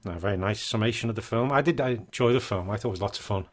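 A man co-hosting a casual movie podcast, relaxed and quick to laugh. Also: on the low side. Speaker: podcast co-host.

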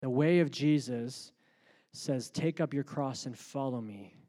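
A man preaching a sermon, moving between calm, quiet talk and loud, rising passages. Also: medium pitch, measured pace, big-room sound. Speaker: pastor.

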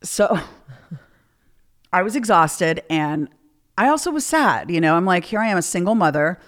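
A woman's voice: fairly low pitch, lively intonation, unhurried. A woman guest on a podcast, telling candid stories in casual chat and acting out the people she quotes. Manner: candid storytelling with acted-out quotes.

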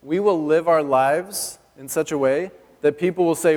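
A fairly high, darkish male voice preaches at a moderate pace in an echoing church hall. The pastor keeps things light and conversational, joking and questioning the audience.

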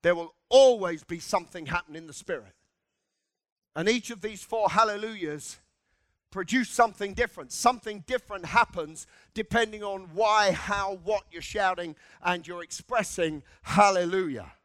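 High-voiced impassioned male preacher. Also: normal speed, no echo. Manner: impassioned, shouting in bursts, congregational call-and-response. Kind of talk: sermon. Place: church.

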